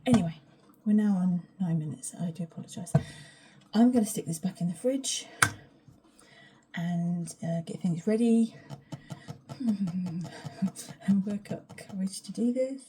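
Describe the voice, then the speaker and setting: Brief: woman vlogging in her kitchen, rambling, frank and sweary, warm and mellow voice with a faint hum behind her. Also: medium pitch, measured pace, pauses often. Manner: frank and chatty, swears, often drops to a whisper. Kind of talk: rambling casual vlog chat. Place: home kitchen, standing.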